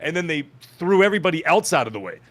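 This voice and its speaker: Animated man telling a story on a podcast. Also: racing. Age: adult with children. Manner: animated, acts out quoted voices with pitch jumps. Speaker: podcast host. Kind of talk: casual storytelling chat.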